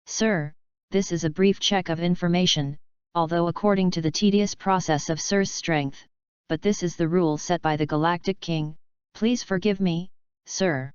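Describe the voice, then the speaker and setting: A woman's voice: lowish voice, fairly even intonation, moderate pace, smooth, no echo, natural voice. A woman voicing a humble, fearful male alien officer who speaks with constant deference. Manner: deferential, keeps saying sir. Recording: dull lo-fi audio.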